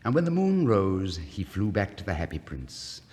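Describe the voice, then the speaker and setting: A man with a fairly low voice reads a fairy tale aloud, making his pitch rise and fall dramatically. The recording is an old vinyl one with a long hall reverb. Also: moderate pace. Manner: expressive, theatrical storytelling. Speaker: narrator. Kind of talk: storybook reading.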